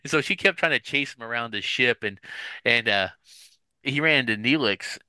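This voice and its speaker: A man's voice: medium pitch, moderate pace, smooth, no room sound. A man co-hosting a casual podcast, telling stories with lots of restarts and acting out what people said. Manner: animated storyteller, acts out quotes, frequent restarts. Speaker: podcast co-host. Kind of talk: casual chat.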